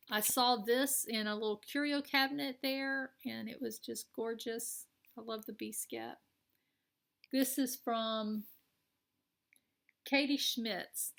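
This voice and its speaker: A woman's voice: a little high, gravelly, a bit bright. A woman with a Southern American accent chatting casually and enthusiastically while showing her craft purchases. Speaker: cross-stitch vlogger. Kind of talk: casual show-and-tell chat.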